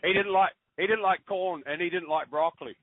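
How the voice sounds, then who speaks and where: Man from New Zealand, middle-aged, rambling storyteller, fairly high voice, phone-quality sound. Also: no echo. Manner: rambling storyteller, halting restarts. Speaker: podcast guest. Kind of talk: casual chat. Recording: tinny phone-line audio.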